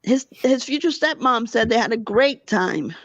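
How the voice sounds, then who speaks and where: A woman's voice: on the high side, expressive, normal speed, dry recording, muffled recording. Heated, gossipy woman livestreamer. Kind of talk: casual livestream chat.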